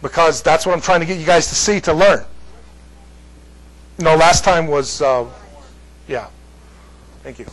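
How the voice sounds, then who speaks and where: Male Bible teacher, higher voice, loose and chatty with the class. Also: measured pace, long pauses, a bit bright, low-quality recording. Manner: chatty, jokey asides to the class.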